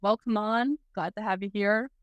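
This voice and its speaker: A woman's voice: mid-range voice, fairly even intonation, normal speed, dry recording, highs cut off. A young woman hosting an interview, upbeat and enthusiastic as she introduces her guest and asks questions. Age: young adult. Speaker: interviewer and host. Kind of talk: podcast interview.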